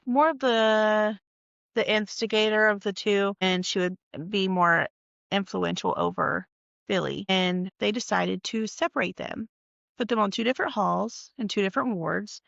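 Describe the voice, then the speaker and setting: A woman from North Carolina tells an eerie story from her own life in a fried, gravelly voice, casual and heavy on swearing. She sounds a little tired and leans in conspiratorially. The recording is dull and lo-fi, with a dry, close sound. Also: medium pitch, unhurried, fairly bright tone, no echo. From North Carolina, USA. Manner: profane, emphatic, conspiratorial. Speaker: storytime vlogger.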